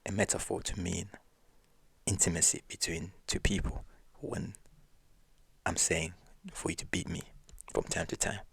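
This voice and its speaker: A man's voice: sits low, little pitch movement, unhurried, gravelly, pauses often, a bit bright, husky, dry recording, exaggerated voice. A man voicing an insistent village wife who explains herself with exasperation. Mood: exasperated.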